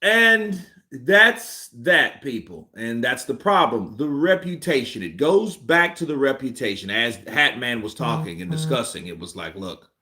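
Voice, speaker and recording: A man hosting a boxing commentary livestream, ranting excitedly and repeating himself as he thinks aloud. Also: medium pitch, measured pace, slight background noise.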